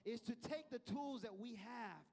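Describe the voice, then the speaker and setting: A man's voice: very high-pitched, a little slow, darkish tone. A man preaching a sermon to his church, talking conversationally and acting out little scenes with different voices. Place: church sanctuary. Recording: long reverb of a church hall.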